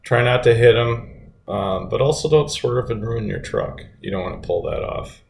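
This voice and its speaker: A man's voice: normal speed, creaky. A man co-hosting a casual chat, telling stories in an easygoing way with dry humor. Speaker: podcast co-host. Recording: roomy echo, faint rumble.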